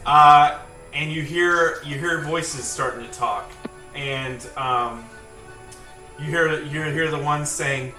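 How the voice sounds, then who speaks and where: A man narrating a tabletop fantasy game as game master, in a casual, halting way. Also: a little high, bright, forceful tone. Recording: echoey room, distant mic, faint music.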